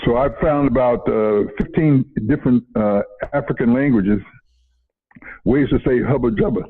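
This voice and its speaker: Recorded as if over a phone, this interview features a retired educator, an older man, telling meandering stories with repeated words and frequent chuckles. He has a mid-range, slightly rough voice and keeps a moderate pace.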